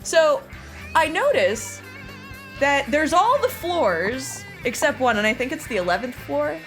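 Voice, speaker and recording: A young adult woman hosting a podcast, telling a story in casual chat, animated, laughing and swearing as she acts out quotes. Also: high-pitched, unhurried, soft background music. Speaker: podcast host.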